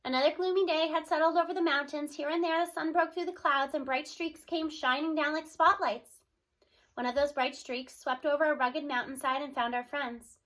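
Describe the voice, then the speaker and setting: A woman reading a children's novel aloud with expressive storytelling. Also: high-pitched, moderate pace. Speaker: reader. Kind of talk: children's book read-aloud.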